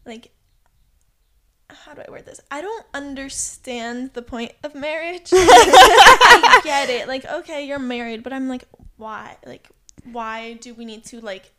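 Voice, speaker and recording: A woman's voice: sits high, animated, measured pace, a bit bright. Twenty-something woman, candid and chatty. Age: 20s. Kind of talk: casual chat among friends.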